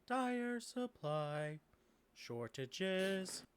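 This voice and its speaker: A man voicing a polite male robot guide made of crystal and metal who speaks slowly and formally. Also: sits high, sing-song, a crowd in the background, voice pushed up, heavily acted. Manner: slow, precise, formal speech.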